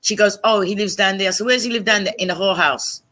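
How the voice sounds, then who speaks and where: A woman's voice: medium pitch, fast. A woman telling a story in casual chat on a live stream, acting out the voices of the people she quotes. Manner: animated, acts out quoted voices.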